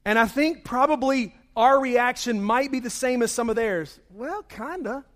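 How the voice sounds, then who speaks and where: A man's voice: very high voice, moderate pace. A man preaching a conversational sermon after praying, his voice a bit worn from singing. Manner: conversational, animated storytelling. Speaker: pastor. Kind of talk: sermon with opening prayer.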